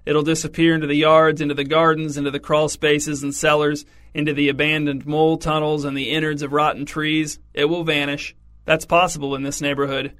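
A man reading an audiobook and voicing an excitable middle-aged woman who shrieks in alarm and then turns flat and blunt. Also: brisk, lightly acted. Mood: dry blunt. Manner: shrill sudden outbursts, then flat curt remarks.

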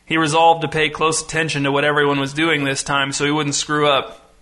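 A male narrator reading an audiobook with dry, deadpan timing. His voice is bright and forceful and sits slightly high for a man. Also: brisk.

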